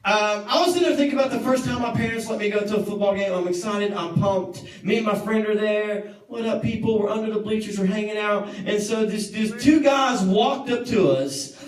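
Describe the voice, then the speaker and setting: A man's voice: high voice, a little fast. A young man in his twenties, a youth pastor, telling a story in his sermon, joking with the crowd and acting out what people said. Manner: animated, jokey, acts out quotes, banters with the crowd. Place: youth service room. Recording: echoey room, mic at a distance.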